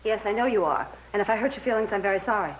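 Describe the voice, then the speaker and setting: An actress playing the gentle but firm wife of a pushy patriarch in a soap opera, calm and soothing. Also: female voice, mid-range voice, very fast, a little hiss or hum, lightly acted, low-quality recording. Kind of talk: television soap opera acting.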